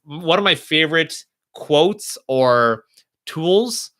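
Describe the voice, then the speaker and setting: A young man answering viewers' questions on a live stream, speaking gently and reassuringly, thinking aloud as he goes. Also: on the high side, animated, takes it slowly.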